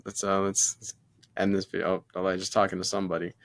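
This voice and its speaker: A man's voice: low-pitched, level tone, fast, no room sound. A man co-hosting a football podcast, speaking bluntly in casual chat and closing the episode. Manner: blunt, swears freely. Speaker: podcast co-host.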